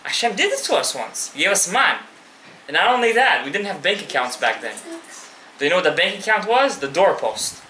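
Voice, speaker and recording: Male rabbi teaching a live class, impassioned and direct, bright tone, swinging pitch, echoey room. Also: big pitch swings, fairly quick, slight background noise. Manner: impassioned, addresses listeners directly, mixes in Hebrew terms. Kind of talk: live Torah class to an audience.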